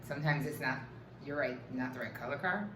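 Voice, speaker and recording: A woman's voice: a bass voice, fairly quick, echoey room, noisy background. A woman chatting casually as co-host, telling anecdotes and slipping in Spanish phrases. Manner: storytelling, drops into Spanish phrases. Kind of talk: casual chat. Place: living in the Dominican Republic.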